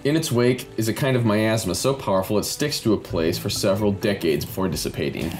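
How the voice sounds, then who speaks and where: A man's voice: lowish voice, fairly quick, soft background music, pitched below the performer's own voice, natural voice. A man reading aloud as a young female student in a game's first-person narration, earnest and plain.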